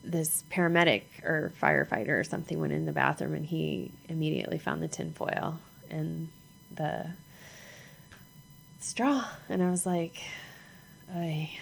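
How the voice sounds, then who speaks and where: Gravelly-voiced woman telling her story. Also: low-pitched, slight background noise, low-quality recording. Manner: halting, repeats herself, acts out what was said. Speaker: mother sharing her story. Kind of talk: personal storytelling.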